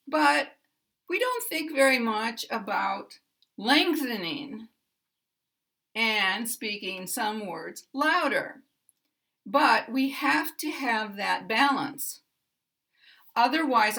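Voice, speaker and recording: American lady teaching pronunciation, slow and careful, bright voice. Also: on the high side. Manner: deliberate, stretches stressed words for demonstration. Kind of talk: explaining pronunciation in a lesson.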